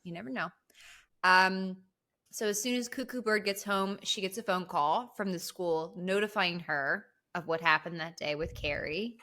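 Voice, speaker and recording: Woman podcast host, bright tone, animated casual film recap with the odd curse. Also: fairly low pitch, moderate pace. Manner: animated storyteller, swears casually. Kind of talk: casual movie recap chat.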